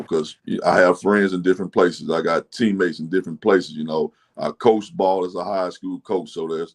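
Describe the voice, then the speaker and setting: A man from Mississippi, a football coach, talking plainly and relaxed as a podcast guest, with a country-boy manner and many fillers. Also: low-pitched. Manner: plainspoken country talk, relaxed, lots of "man" and "you know". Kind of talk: casual podcast interview.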